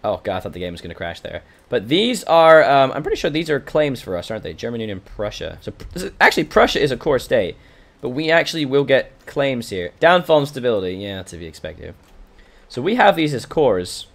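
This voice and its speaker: A man with an accent that blends British and American speech, playing a strategy game for his channel. He reads the event texts aloud, then drops into easy banter with his stream chat. His voice sits at an ordinary middle pitch. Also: very animated, a little fast. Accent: mixed British and American. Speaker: gaming channel host. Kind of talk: casual let's-play commentary recorded from a livestream.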